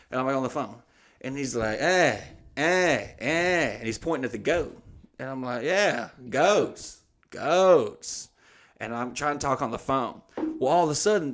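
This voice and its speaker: A man hosting a podcast, telling a funny story in a loose, profane, animated way. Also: medium pitch. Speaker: podcast host. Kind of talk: casual comedic storytelling.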